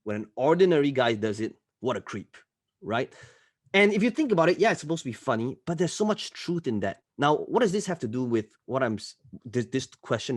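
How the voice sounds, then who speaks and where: A man who is a podcast guest and entrepreneur, telling stories in an animated, emphatic way and often tagging his points with "right?". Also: on the high side, dry recording, clean studio sound. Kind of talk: podcast interview storytelling.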